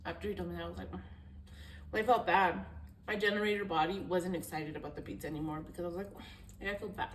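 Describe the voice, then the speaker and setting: A woman's voice: lowish voice, fairly even intonation, quick pace, far from the mic. A young woman vlogger talks straight to camera in a loose, rambling storytime, candid and casually profane. Her voice sits a bit back from the phone mic, in a roomy, echoey space with a faint hiss underneath.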